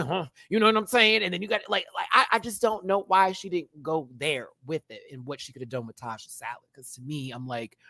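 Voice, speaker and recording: A man hosting a live-stream show review, talking in a sassy, animated way and laughing often. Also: on the high side, no room sound. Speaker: drag show reviewer and channel host.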